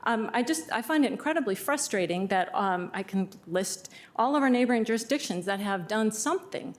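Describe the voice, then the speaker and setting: A woman's voice: medium pitch, expressive, brisk. A woman giving passionate, exasperated public testimony at a county hearing.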